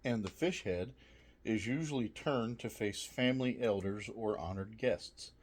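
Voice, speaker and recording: A man's voice: on the low side, a little slow, darkish tone. A man casually reviewing snacks, reading trivia aloud with jokey asides, swearing and laughing often.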